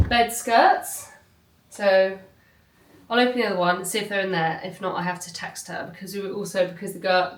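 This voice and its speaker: A woman's voice: medium pitch, fairly bright tone, echoey room, a little hiss or hum, poor audio. A woman chatting casually and gushing as she unboxes things at home in an unboxing vlog. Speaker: vlogger. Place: home, indoors.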